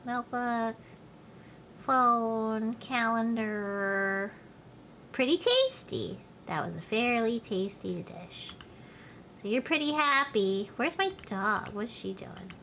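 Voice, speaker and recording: A woman's voice: fairly high pitch, slow pace, bright, forceful tone, slight background noise. A woman live-streaming a life-sim game, chatting to viewers and scolding the game characters, with playful swearing. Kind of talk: live gameplay commentary.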